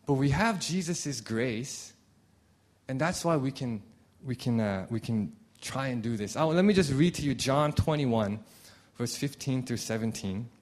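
Man, pastor, sermon, conversational, expressive pitch, reads scripture. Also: normal speed.

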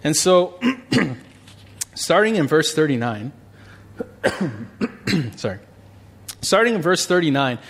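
A male pastor praying, then teaching a Bible passage in a conversational, animated way. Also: medium pitch. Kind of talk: sermon with prayer.

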